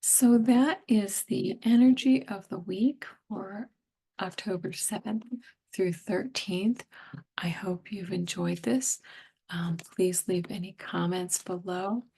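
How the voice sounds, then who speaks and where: Hoarse, breathy woman reading tarot slowly. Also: mid-range voice, steady tone. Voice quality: breathy, partly whispered. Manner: slow, gentle, musing. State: losing her voice, hoarse. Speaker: tarot reader.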